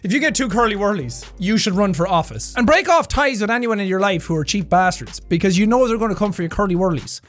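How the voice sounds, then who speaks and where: Young man, irish accent, casual reaction commentary, excitable, profane, jokey. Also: high-pitched, fast, hardly any pauses, soft background music. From Ireland. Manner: excitable, swears freely, jokey. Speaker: reaction video creator.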